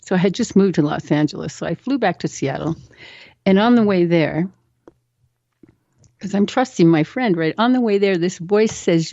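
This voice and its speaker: A woman guest tells a personal story on a talk show, slipping into other people's voices as she goes. Her voice is low and mellow and sits dry and close. The recording is slightly dull and lo-fi. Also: normal speed, no echo. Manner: animated storyteller who acts out quoted voices. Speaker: interview guest. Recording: dull, lo-fi sound.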